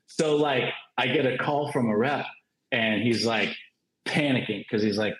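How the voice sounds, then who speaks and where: Animated, laughing man in an echoey room. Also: mid-range voice, measured pace. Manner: animated storyteller, laughs often, many "like" fillers. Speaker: comic creator, panel guest. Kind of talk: casual anecdote on a virtual panel. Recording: roomy echo.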